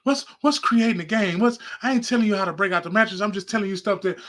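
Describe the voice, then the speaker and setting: A man's voice: high-pitched, fast, a bit bright. A man hosting a podcast, preaching casually straight to his viewers, rambling and repeating himself, on a phone held close. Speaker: podcast host.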